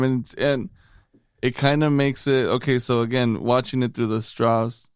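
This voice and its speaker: A man's voice: mid-range voice, level tone, unhurried, smooth, no room sound, clean studio sound. A man co-hosting a movie podcast in laid-back casual chat, using slang like bro and dude. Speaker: podcast co-host.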